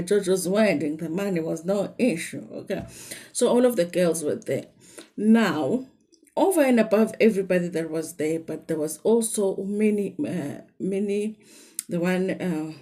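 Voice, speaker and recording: A woman's voice: medium pitch, dark tone. Chatty South African woman recapping gossip. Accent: South African, Zulu. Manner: chatty, gossipy, mixes English and Zulu, many fillers. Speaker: reality TV commentator. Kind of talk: casual recap chat to viewers.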